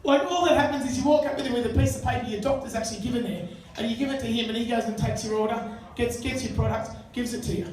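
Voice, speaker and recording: Crude stand-up comic, echoey pub. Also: male voice, very high voice, fairly even intonation, fast, few pauses, a little hiss or hum. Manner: crude, conversational, banters with the crowd. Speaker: stand-up comedian. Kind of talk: stand-up comedy set. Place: live pub venue. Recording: echoey room, mic far off. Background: audience laughter.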